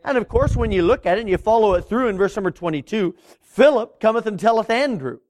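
A middle-aged man preaching as a Baptist pastor, his voice swelling and dropping with drawn-out emphasis. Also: sits high, expressive, darkish tone. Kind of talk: sermon.

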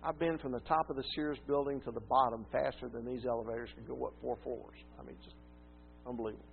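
Folksy preacher on a tinny line. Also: male voice, mid-range voice, steady tone, quick pace, gravelly. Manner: folksy, self-deprecating storytelling. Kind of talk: sermon with personal story. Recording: tinny phone-like sound with faint hum.

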